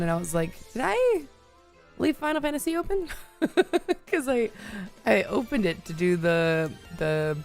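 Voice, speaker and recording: A woman hosting a live stream in casual chat, talking to her viewers and laughing often, her voice still a little hoarse. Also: lowish voice. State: slightly hoarse, voice recovering. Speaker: livestream host.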